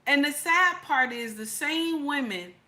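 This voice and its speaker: A woman's voice: high voice, animated, unhurried, pushed and bright. A middle-aged woman hosting an opinionated livestream, blunt, profane and preachy, greeting her chat as she talks. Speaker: livestream host.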